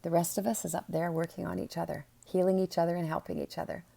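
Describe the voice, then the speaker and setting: A woman's voice: lowish voice, level tone, quick pace, gravelly, warm tone. A woman teaching a spiritual webinar, talking to the viewer in a soothing, earnest and emphatic way.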